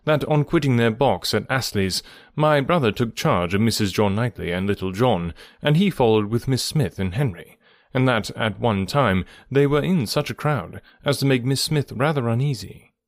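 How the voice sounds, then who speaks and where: A man reading a kindly earnest gentleman. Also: medium pitch, expressive, no room sound, clean studio sound, natural voice. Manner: measured, gently reasoning. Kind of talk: audiobook reading of a classic novel.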